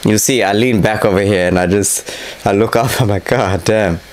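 A man's voice: fairly low pitch, fairly even intonation, fairly quick, a little hiss or hum, rough recording. A young man casually narrating over footage of his own boxing fight, candid and self-critical, swearing freely. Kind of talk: casual fight breakdown commentary.

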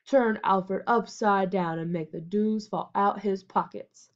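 A woman's voice: medium pitch, unhurried, highs cut off, lightly acted. A woman voicing a jeering teenage boy who backs up a gang bully in a storybook reading. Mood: bossy.

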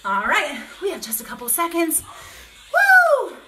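High-pitched woman coach yelling kickboxing combos, breathless and hyped, echoey room with a bit of noise. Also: animated, brisk. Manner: calls out combos, upbeat and encouraging, laughs often. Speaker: kickboxing instructor. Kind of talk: coaching a home workout class. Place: home workout space, dogs barking nearby.

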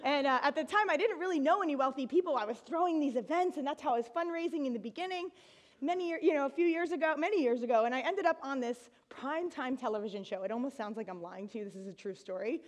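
Lively high-voiced woman telling a story. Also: fast. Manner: animated, laughing, with bursts of excited shouting. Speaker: speaker giving a talk. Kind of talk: storytelling talk to an audience.

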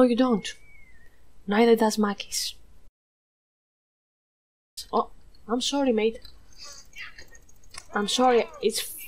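A woman from Greece commentating a video game playthrough in a playful, jokey way, swearing, dropping to mock whispers and rising to excited squeals. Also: mid-range voice, slight background noise. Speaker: gameplay streamer. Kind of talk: let's play commentary.

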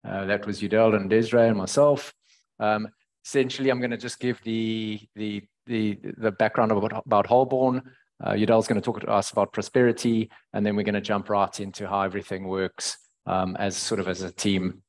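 Brief: South African male host on a headset, lowish pitch, hesitant, restarts often. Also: steady tone. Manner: halting, many fillers and restarts. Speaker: webinar host and financial planner. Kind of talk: online webinar presentation.

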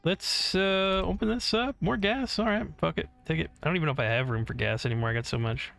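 A man talks through his gameplay in a loose, rambling way, cursing freely and humming little tunes between thoughts. His voice has a gravelly, fry-laced edge, and faint game music sits quietly beneath it. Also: fairly high pitch, quick pace. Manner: rambling, swears freely, hums to himself. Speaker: gaming channel host. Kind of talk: casual let's-play commentary. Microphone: desk mic separate from headset.

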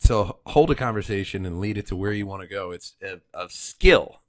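A man co-hosting a podcast, chatting in a relaxed, conversational way. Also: sits low, fairly quick, dry recording. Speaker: podcast co-host. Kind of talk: casual podcast chat.

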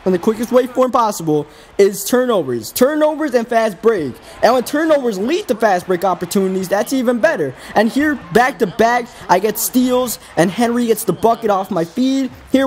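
A man with a high voice hosts a gaming video, rambling through casual play-by-play commentary in an exasperated, self-critical tone.

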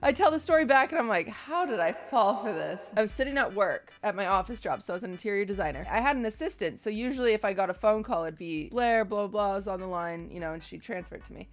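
Over soft background music, a young woman hosting a stream tells a personal story in a casual chat. Her mid-range voice moves quickly with hardly any pauses, and she animatedly acts out the voices of the people involved.

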